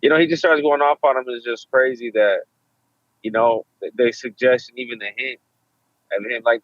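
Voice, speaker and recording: A man's voice: mid-range voice, steady tone, moderate pace, no room sound. Joking man on a dull lo-fi line. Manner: joking, crude, acts out quotes. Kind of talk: casual boxing talk.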